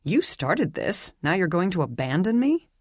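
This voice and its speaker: A woman's voice: lowish voice, very animated, normal speed, no echo, studio quality, voice pushed up. A narrator voicing a young woman who mutters in disbelief as she talks to her dog. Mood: incredulous. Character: exasperated young woman digging in her basement at night.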